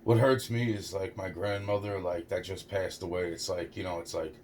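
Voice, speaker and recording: Recounting a personal story, a young man stumbles over his words, keeps saying "it's like" and swears a lot as he rambles. His voice sits low and a little mellow, with a steady tone and moderate pace, against slight background noise.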